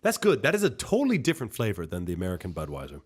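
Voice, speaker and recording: A man's voice: on the low side, rapid-fire, slightly rough. A young man co-hosting a podcast, rambling and swearing casually as he tells stories. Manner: profane, rambling, animated storytelling. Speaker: podcast co-host. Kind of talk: casual chat.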